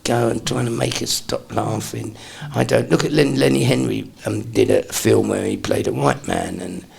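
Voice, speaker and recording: Gravelly, husky older man. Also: medium pitch. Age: 60s. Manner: animated storyteller, slips into quick impressions. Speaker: comedian guest. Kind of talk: chatty interview anecdotes.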